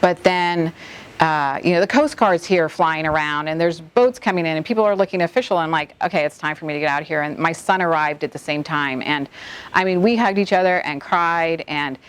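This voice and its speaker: A middle-aged Bahamian woman who directs an environmental nonprofit recalls a hurricane during an interview. Her voice is low and smooth, yet she speaks haltingly, near tears, restarting many times in this emotional recollection.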